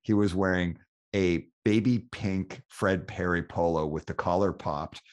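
A man hosting a podcast and telling a story in a chatty, animated way. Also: low voice, a little slow. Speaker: podcast host. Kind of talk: casual storytelling in an interview.

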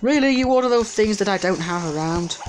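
A man's voice: high-pitched, lively intonation, a little fast. A man giving casual let's-play commentary, chatty and easily distracted, talking back at the game's customers. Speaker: gameplay commentator.

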